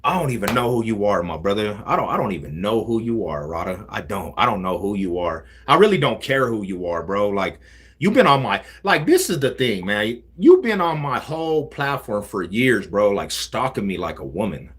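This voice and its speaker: A man hosting a casual livestream, talking in animated street slang. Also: lowish voice, moderate pace, slightly rough. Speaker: livestream host.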